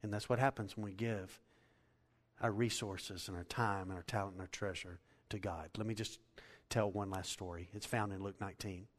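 A man's voice: fairly low pitch, moderate pace. Preaching man in a reverberant hall. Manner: animated storytelling, rising to loud emphatic preaching. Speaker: pastor. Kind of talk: sermon.

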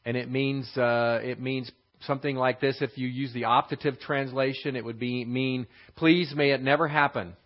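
A man teaching a verse-by-verse Bible lesson, explaining and rephrasing scripture in an unhurried classroom manner. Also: mid-range voice, steady tone. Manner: explanatory, rephrasing verses, frequent fillers and restarts. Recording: slightly dull lo-fi recording.

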